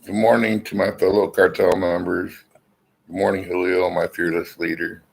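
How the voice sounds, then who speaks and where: This middle-aged vlogger's voice is low and flat, with vocal fry and a darkish tone, moving at a moderate pace. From an armchair at home he chats to viewers over a laptop's built-in mic, rambling, blunt, and frequently profane. Slight background noise accompanies the poor audio.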